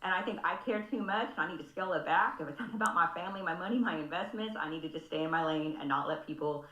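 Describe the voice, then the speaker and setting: A woman's voice: on the low side, racing, fairly bright tone, reverberant, poor audio. A woman in her thirties from California, on a video call, telling a story with lots of laughing and swearing. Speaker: group participant sharing. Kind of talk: casual group video call share.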